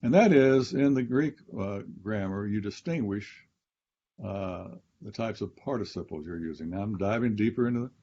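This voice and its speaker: Low, husky man explaining grammar. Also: expressive, moderate pace, warm tone, highs cut off. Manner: explains grammar step by step, professorial, repeats key phrases. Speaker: Bible scholar and professor. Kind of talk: teaching conversation on a podcast.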